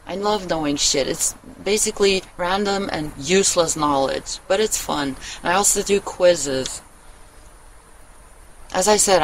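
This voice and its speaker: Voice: mid-range voice, a bit bright, rough recording. A vlogger rambling through a casual monologue in a mid-range voice, blunt and profane, cutting sentences short and starting them again. A faint hum of room noise sits behind the voice. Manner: blunt and profane, trails off and restarts. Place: at home, living in Germany.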